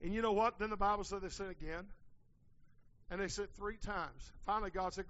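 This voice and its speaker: A preacher with a high, bright, ringing voice. He wanders through folksy stories and then climbs to hollered peaks. The recording is dull and lo-fi. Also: normal speed. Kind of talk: sermon.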